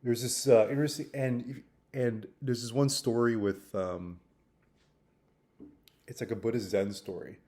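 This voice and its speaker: A man's voice: medium pitch, fairly even intonation, a little slow, long pauses, mellow. A man talking through a personal mistake in a reflective vlog, thoughtful and rambling, with restarts and fillers. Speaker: vlogger.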